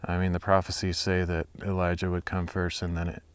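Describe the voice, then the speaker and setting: A man's voice: low voice, monotone, fairly quick, clean tone. A young man outdoors at sunset, musing aloud about scripture with many fillers and restarts, then reading a Bible chapter aloud. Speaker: Bible reader and hiker.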